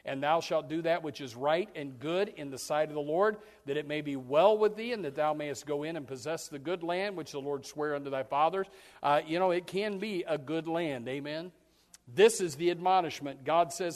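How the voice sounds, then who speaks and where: A man preaching a sermon as pastor, folksy and animated, acting out scenes. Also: on the high side, normal speed, big-room sound. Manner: folksy, animated, acts out yelling parents and kids.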